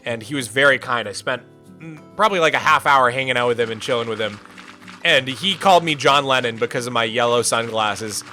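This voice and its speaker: A man's voice: medium pitch, pushed and bright. A young American man streaming and chatting casually, reading out viewer messages in a rambling way full of "like" and restarts. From United States. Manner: rambling, filler-heavy, often says "like".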